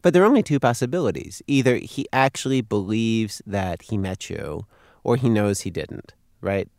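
A man's voice: lowish voice, animated, normal speed, a little mellow, dry recording, clean studio sound. A man hosting a conversation, retelling parts of a guest's story and reacting to it, thinking aloud. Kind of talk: conversational interview.

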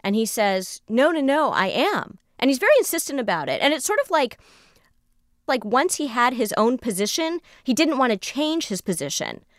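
A woman's voice: high voice, normal speed, dry recording, studio quality. A woman recounting a personal story in conversation, acting out the lines of the people in it. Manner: animated, re-enacts dialogue. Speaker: storyteller guest.

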